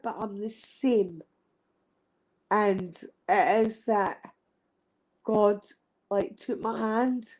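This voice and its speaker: A young woman speaks slowly and from the heart, dropping swear words without a second thought. Her pitch sits in a middle range, and she circles back over the same words for emphasis. It comes across as unscripted, emotional chat with a live stream audience. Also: a little mellow, poor audio. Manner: swears freely, heartfelt, repeats herself.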